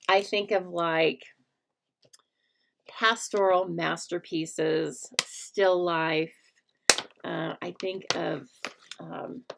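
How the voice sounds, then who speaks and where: Casting: middle-aged woman, chatty live-stream craft host, lower voice with some gravel. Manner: chatty, self-teasing, greets viewers by name. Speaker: host of a live stamping and papercraft show. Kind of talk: casual live-stream chat.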